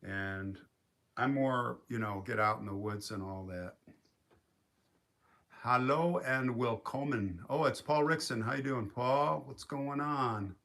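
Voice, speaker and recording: A man's voice: medium pitch, takes it slowly, creaky, fairly bright tone. Rambling man hosting a live stream. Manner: rambling, reads viewer comments aloud. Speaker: livestream host. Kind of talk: casual live-stream chat. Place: quiet home in the woods by a lake.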